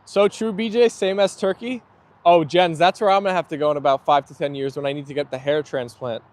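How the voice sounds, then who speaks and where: A man's voice: a little high, steady tone, a little fast. A young man hosting a live stream outdoors, chatting easily and reading viewer comments aloud while his dogs play. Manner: chatty and easygoing, laughs often. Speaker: livestream host.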